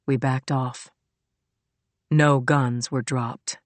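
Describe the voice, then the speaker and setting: A woman's voice: very deep voice, steady tone, drawn-out words, no echo. Woman narrating a thriller, dry sound. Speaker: audiobook narrator. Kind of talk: scripted narration.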